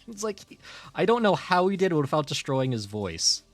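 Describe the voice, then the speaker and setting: A man's voice: a little high, no echo. A man chatting casually while drawing on a livestream, rambling with lots of fillers and laughing often. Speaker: streamer and artist.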